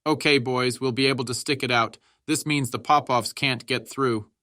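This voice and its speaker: A man voicing a battle-hardened veteran soldier who gives gruff commands. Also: medium pitch, steady tone, moderate pace, pushed and bright, dry recording, clean studio sound, natural voice. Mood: gruff, relieved.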